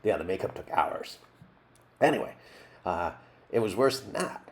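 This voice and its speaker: A man's voice: on the low side, big pitch swings, moderate pace. A man playing a washed-up male jackalope actor who rambles loosely and keeps drifting off topic in a mock documentary interview. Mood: rambling. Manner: rambling, loopy, easily sidetracked.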